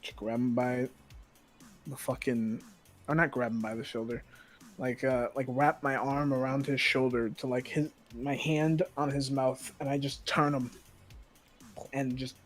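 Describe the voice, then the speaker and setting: A man's voice: medium pitch, level tone, measured pace, soft background music, rough recording. A man playing a tabletop game, chatting casually with fillers and restarts. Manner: rambling, full of fillers and swearing. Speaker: player.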